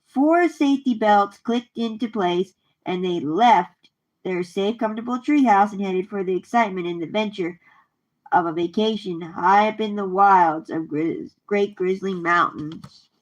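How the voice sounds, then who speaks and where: A woman reading children's books aloud in a lively, expressive way, with small slips now and then. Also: medium pitch, a little slow, highs cut off. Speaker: storyteller.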